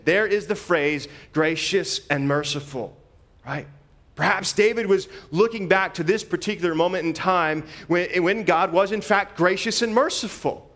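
Preaching a sermon, a man with a fairly high-pitched voice talks in an animated, conversational way, frequently repeating phrases as he works through scripture.

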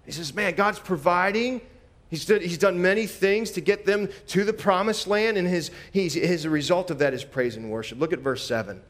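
A man preaching a sermon in a conversational, animated way, often repeating phrases as he walks through scripture. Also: high-pitched, moderate pace.

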